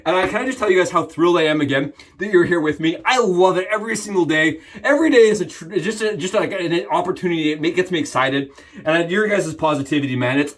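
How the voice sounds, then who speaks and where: A young man chats to the camera while he shaves, talking easily and often turning to his viewers. His voice sits a little high for a man. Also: fairly bright tone. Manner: chatty, keeps calling viewers "guys". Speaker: shaving vlogger. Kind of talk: casual talk to camera while shaving.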